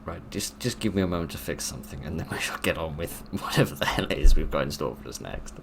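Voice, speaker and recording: A man's voice: very deep voice, lively intonation, quick pace, creaky, noisy background. A man giving dry, sarcastic let's play commentary while he plays a horror game. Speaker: gaming video narrator.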